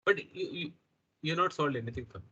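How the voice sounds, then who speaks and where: Indian man giving a workshop, bright husky voice. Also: on the high side, lively intonation, fast, lo-fi sound. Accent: Indian English. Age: middle-aged. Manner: talks to the audience with frequent "right?" and "okay?" checks. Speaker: workshop trainer. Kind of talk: interactive workshop lecture.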